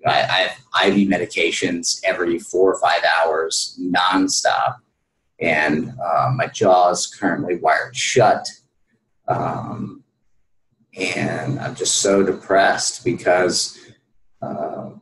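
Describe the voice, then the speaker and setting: A man's voice: low-pitched, steady tone, takes it slowly, fairly bright tone, reverberant, rough recording. A man telling his personal story as an interview guest, earnest and full of fillers.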